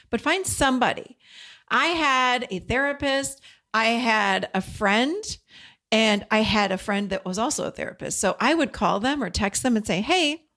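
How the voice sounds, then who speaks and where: A woman's voice: on the high side, a bit bright. A woman hosting a podcast, talking in a casual, direct teaching monologue and acting out bits of dialogue as she goes. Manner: conversational and direct, acts out quoted dialogue. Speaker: podcast host.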